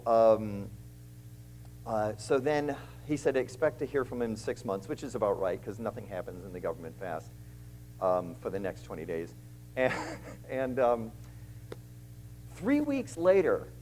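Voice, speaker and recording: A man's voice: fairly low pitch, warm tone, a little hiss or hum, low-quality recording. A man, a guest speaker at a church, telling his story with animation and acting out the other people's lines. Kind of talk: storytelling testimony.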